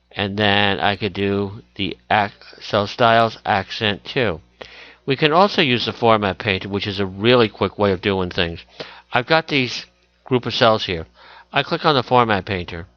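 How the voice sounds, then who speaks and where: A man teaching a screen-recorded software tutorial, talking through each click as he goes and correcting himself along the way. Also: on the low side, no room sound, muffled recording.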